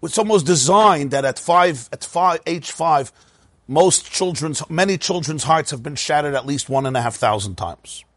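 Husky-voiced man teaching Torah. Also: fairly high pitch, normal speed, no echo. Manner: animated, rhetorical questions, repeats words. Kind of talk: Torah lecture.

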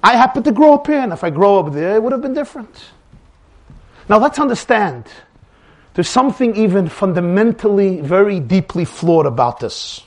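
Animated man giving a religious lecture. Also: sits high, moderate pace. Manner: dramatic, acts out dialogues with rising emphasis. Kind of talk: animated Torah lecture with acted dialogue.

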